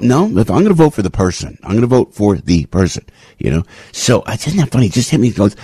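A man hosting a talk radio show, delivering a rambling, impassioned opinion monologue full of restarts and sudden jumps in pitch. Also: big pitch swings, fast talker, warm tone, husky, no echo.

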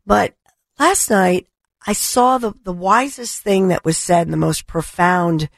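A middle-aged woman hosting a talk radio show, her voice hoarse from allergies, delivering an impassioned, indignant monologue. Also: fairly low pitch, a little slow, no room sound, studio quality. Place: radio studio. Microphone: studio microphone.

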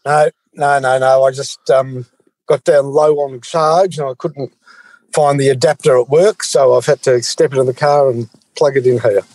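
A man's voice: mid-range voice, fairly even intonation, normal speed, darkish tone, no echo. A man with an Australian accent co-hosting a radio show from his parked car over a phone line, laid-back and dry. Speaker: radio co-host. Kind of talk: casual radio banter.

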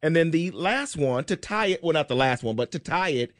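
A man's voice: fairly high pitch, expressive, a little fast, no room sound, clean studio sound. A man hosting sports talk radio, debating eagerly and cutting in to argue his point. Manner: eager, interrupting, argumentative.

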